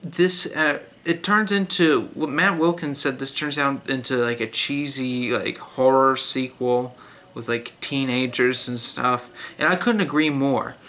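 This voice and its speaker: A man's voice: medium pitch, a little slow, sharp tone. A young man giving a blunt, critical spoken book review in a casual way, with many fillers and restarts.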